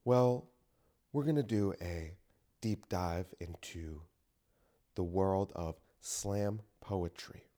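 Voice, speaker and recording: A man imitating a hushed, soft-voiced radio host. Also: sits low. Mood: soothing. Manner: hushed, slow, gentle delivery. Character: soft-spoken male public radio host.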